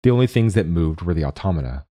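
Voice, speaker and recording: A man narrating a short story in a steady, measured way. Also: sits low, dry recording, clean studio sound. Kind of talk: scripted narration.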